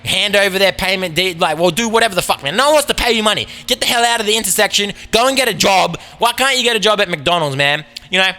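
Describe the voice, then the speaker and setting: A man's voice: sits high, fast talker, few pauses, pushed and bright. Profane ranting Australian man. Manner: profane, sarcastic, riffing. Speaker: podcast host. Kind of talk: casual comedic rant.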